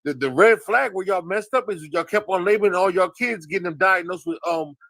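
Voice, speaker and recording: A man with a fairly high voice talks bluntly on a live stream, padding his points with "um" and "uh". The sound is close and dry. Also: brisk, vocal fry, fairly bright tone, dry recording. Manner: blunt, with filler "um" and "uh" and small restarts. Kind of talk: heated talk on a live stream.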